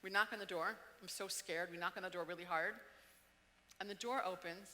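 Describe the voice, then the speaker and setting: A middle-aged woman from the Washington DC area tells a personal story at a talk, acting out quotes and changing her pace. Her voice is bright and sharp. A long hall reverb trails behind her. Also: on the low side, fairly even intonation, a little fast, a little hiss or hum. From Washington DC area, United States. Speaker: speaker giving a talk.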